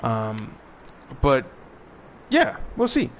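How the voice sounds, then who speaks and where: A young man at a desk mic, talking through his gameplay in a relaxed, rambling way. His voice sits at an ordinary middle pitch. A faint hiss of background noise runs under the speech. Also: drawn-out words. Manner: laid-back, chatty, thinks aloud while playing. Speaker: gaming streamer. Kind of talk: casual live gameplay commentary.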